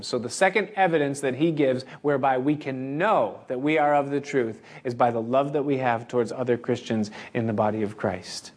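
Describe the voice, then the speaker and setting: A man's voice: mid-range voice, normal speed. A male pastor delivering an earnest, expository sermon and addressing the congregation directly. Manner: earnest, expository, acts out the congregation's inner voices.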